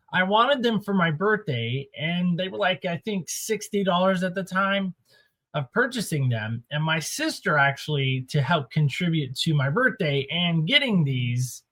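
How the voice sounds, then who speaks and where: A man with a slightly raised pitch hosts a casual countdown vlog. He talks in a relaxed, chatty way and playfully builds suspense before each reveal. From Oregon. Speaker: host of a sneaker countdown show. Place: small home studio.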